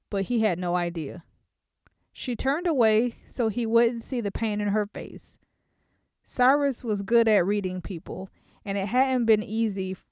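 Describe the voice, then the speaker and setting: A woman narrating a romance novel in a measured, expressive storytelling manner, close to a studio mic. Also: mid-range voice, no room sound. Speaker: audiobook narrator. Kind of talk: scripted narration.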